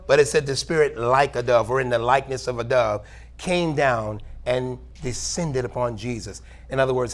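In church, a male pastor delivers a sermon, reading scripture aloud and calling for amens. His voice sits in the mid range with a fairly bright tone.

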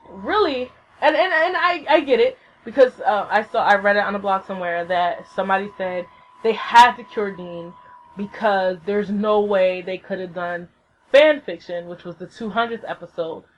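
A woman hosting a solo podcast, ranting casually with lots of swearing and bursts of squealing excitement, recorded at home on a laptop. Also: fairly high pitch, moderate pace, muffled recording. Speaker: podcast host. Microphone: laptop mic.

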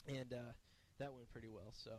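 A man's voice: medium pitch, a little mellow, slight background noise. A man co-hosting a casual podcast, rambling through announcements with lots of fillers. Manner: rambling, filler-heavy delivery. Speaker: podcast co-host.

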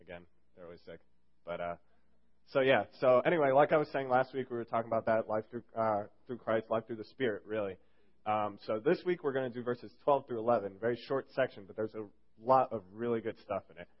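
In a dull, lo-fi recording, a young man with a mid-range voice talks a little fast. Filling in as a youth group speaker, he delivers a casual sermon that rambles and jokes, heavy on fillers.

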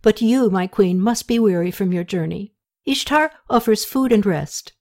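A dignified male temple official in an audiobook who speaks in measured, courteous phrases, as a woman narrator reads him. His speech is formal and unhurried. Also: mid-range voice, darkish tone, close to an everyday voice. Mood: courtly.

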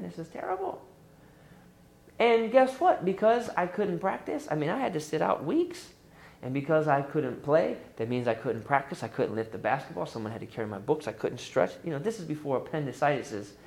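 A middle-aged man preaching a sermon as pastor, lively and emphatic, pushing up into high exclamations. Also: vocal fry. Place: church sanctuary. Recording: echoey church room.

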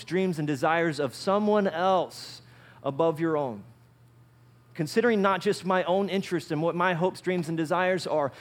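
A male pastor preaching a sermon in an animated way, often asking his listeners questions. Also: sits high. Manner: animated, asks the audience questions.

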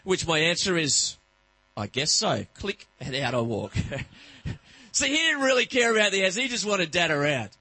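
A middle-aged man preaching a sermon, telling stories and acting out voices with lively energy. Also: sits high, moderate pace, slightly rough, no room sound, rough recording. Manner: animated, acts out voices in anecdotes. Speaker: pastor. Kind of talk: sermon with storytelling.

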